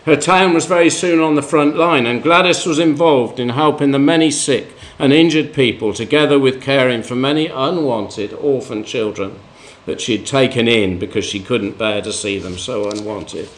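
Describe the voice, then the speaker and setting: Man preaching a story-filled sermon. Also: moderate pace. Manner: storytelling, pitch rising for emphasis and dropping at ends of points.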